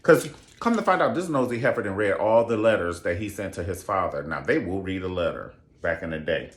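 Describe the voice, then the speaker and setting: A man giving a campy, profane show review, sassy and full of asides. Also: on the low side. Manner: campy, sassy, profane, calls people honey. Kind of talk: casual comedic retelling. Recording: echoey room.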